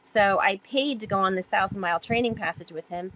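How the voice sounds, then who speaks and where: A woman guest on a podcast telling her stories in a chatty way, with many fillers, and growing animated when she acts out past talk. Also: medium pitch, fairly quick, a little hiss or hum, low-quality recording. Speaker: podcast guest, sailor and author. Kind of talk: casual storytelling interview.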